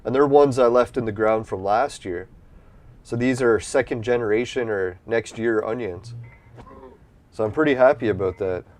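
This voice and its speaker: This man's mid-range voice has a darkish tone and moderate pace as he rambles through commentary on an online game he's streaming. He's relaxed and profane, and allergies leave his nose slightly stuffy.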